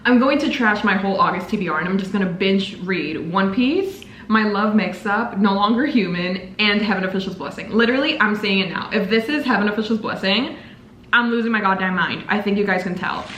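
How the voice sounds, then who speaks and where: A woman's voice: mid-range voice, brisk, a bit bright, slight background noise. A woman in her twenties making an unboxing vlog, gushing and exclaiming dramatically over book gifts. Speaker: book vlogger. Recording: echoey room, faint ambience.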